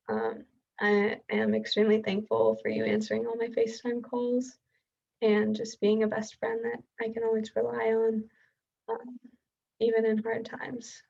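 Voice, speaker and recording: A young woman giving a gentle, heartfelt tribute to her best friend over a video call, pausing often. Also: a little high, gravelly, dull audio. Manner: gentle, with many pauses and ums.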